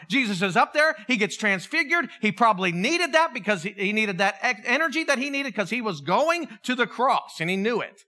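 A middle-aged male pastor preaching a sermon, telling stories with animation and acting out the voices of the people in them. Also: very high-pitched. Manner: animated storytelling, acts out voices.

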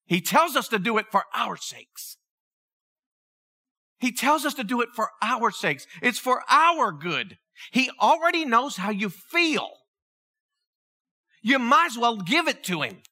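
A male pastor delivering a sermon in a conversational, animated storytelling way, laughing at himself as he goes. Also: very high voice, measured pace, long pauses. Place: church.

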